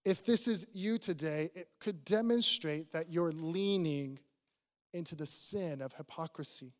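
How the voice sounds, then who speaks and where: High-voiced pastor preaching slowly. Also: male voice, long reverb tail. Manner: earnest, probing with direct questions. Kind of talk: sermon. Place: church.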